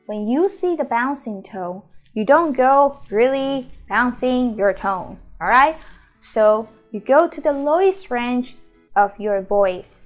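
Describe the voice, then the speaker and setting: A woman, the founder and teacher of a Mandarin school, giving a beginner lesson and sounding out each syllable slowly and repeatedly. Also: on the high side, expressive, soft background music. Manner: slow, drawn-out model pronunciations with repeated syllables.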